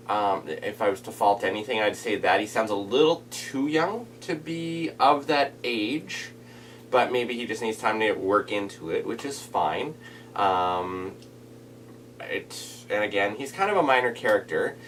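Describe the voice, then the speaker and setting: A man's voice: fairly low pitch, a bit bright, distant mic, a little hiss or hum. A man talking casually in a reaction vlog, rambling with many restarts and fillers. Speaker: vlogger reviewing anime dub voices. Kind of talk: casual reaction video monologue.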